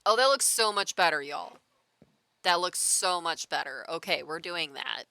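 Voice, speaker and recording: A woman's voice: fairly low pitch, expressive, normal speed, vocal fry, bright, forceful tone. A woman chatting casually while she plays a game, talking in loose run-on sentences full of "like". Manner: chatty, full of filler "like", laughs often. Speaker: gaming streamer.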